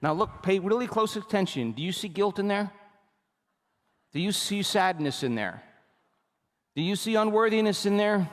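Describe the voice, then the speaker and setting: A man giving a motivational seminar talk, telling stories with animated energy and often checking that the audience is with him. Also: high voice, normal speed, long pauses, in a large hall. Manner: animated storytelling, repeatedly asks the audience for agreement. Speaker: seminar speaker.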